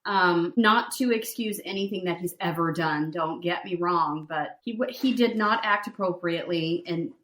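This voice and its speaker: A woman co-hosting a podcast, chatting about reality TV in a blunt, expressive way and swearing when riled. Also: on the low side, moderate pace, hardly any pauses. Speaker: podcast co-host. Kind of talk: casual chat recapping reality TV. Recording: roomy echo.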